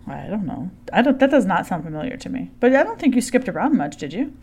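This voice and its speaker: A woman co-hosting a podcast in casual, relaxed chat, often soft-spoken. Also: mid-range voice, quick pace, slightly rough. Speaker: podcast co-host.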